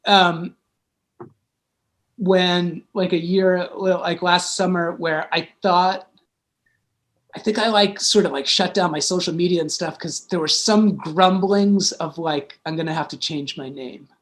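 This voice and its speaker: A man's voice: high-pitched, steady tone, a little slow. A man, a guest musician and DJ, telling stories in a casual, rambling chat full of fillers.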